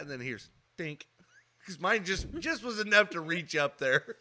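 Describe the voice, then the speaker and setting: A man hosting a casual podcast, telling childhood stories with lively acted-out voices. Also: a little high, moderate pace, slight background noise. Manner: animated storyteller, acts out voices. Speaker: podcast host. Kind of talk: casual storytelling chat.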